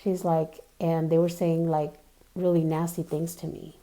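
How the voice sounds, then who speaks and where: A woman's voice: low-pitched, flat delivery, unhurried, dark tone. A woman vlogger telling a personal story in a chatty way, full of fillers and asides, and earnestly insisting it is true. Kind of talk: casual storytelling.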